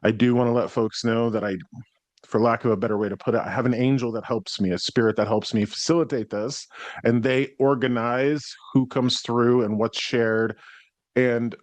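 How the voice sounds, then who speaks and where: An American man hosting a solo podcast as a psychic medium, talking in a reflective, explanatory way and clearing his throat now and then. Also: mid-range voice, normal speed, no room sound. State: worn out after burnout.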